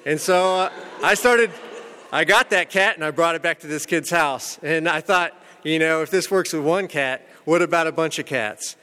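A man's voice: a little high, normal speed, clear, resonant tone, in a large hall. Rambling, self-mocking man sharing his story. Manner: rambling, full of "you know" and "man"; self-mocking humor about a dark past. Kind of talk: candid personal storytelling.

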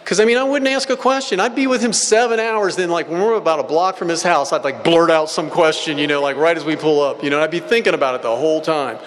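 Man, recovery testimony, rambling blunt storyteller, slightly high voice, long hall echo. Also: fast, few pauses, a little hiss or hum. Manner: rambling, casual, blunt storytelling with filler words. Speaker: recovery meeting speaker.

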